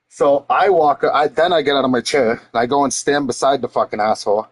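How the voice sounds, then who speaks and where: A man's voice: medium pitch, a little fast, breathy edge. A man livestreaming, telling a story to his chat in a heated, profane ranting way. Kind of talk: casual storytelling to a stream chat. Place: home streaming setup.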